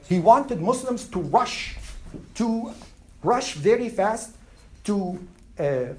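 A man's voice: on the high side, darkish tone, rough recording. A man teaching a religious class in a conversational way, often putting questions to the room and repeating them. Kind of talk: classroom lecture.

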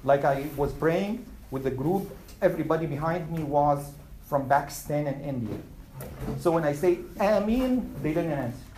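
A man's voice: on the high side, moderate pace, darkish tone, slight background noise, low-quality recording. A man teaching a religious class in a conversational way, often putting questions to the room and repeating them. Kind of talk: classroom lecture.

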